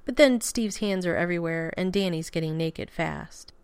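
A woman's voice: on the low side, normal speed, smooth, no echo. Woman reading fiction aloud, dry close voice. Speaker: audiobook reader. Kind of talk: expressive fiction narration.

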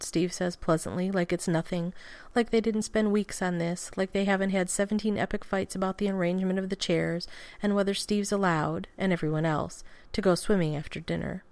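A woman narrating a fan fiction story aloud at a steady pace with casual swearing. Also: fairly low pitch, normal speed, no echo.

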